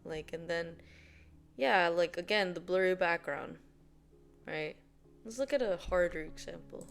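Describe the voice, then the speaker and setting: A woman's voice: fairly low pitch, unhurried, vocal fry. A woman hosting a casual explainer video, rambling with lots of fillers and laughing often. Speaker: video host.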